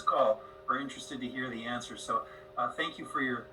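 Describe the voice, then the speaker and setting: A man's voice: mid-range voice, brisk, distant mic, rough recording. A male host running an online Q&A, chatty and upbeat. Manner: upbeat, chatty, quotes others in a loud voice. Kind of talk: hosting an online Q&A.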